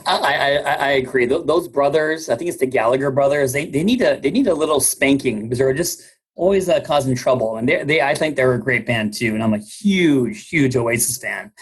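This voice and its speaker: Male podcast host, American, husky, jokey and loose, frequent restarts. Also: medium pitch, a little fast, few pauses. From United States. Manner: jovial, laughs often, stumbles over words. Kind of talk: casual interview.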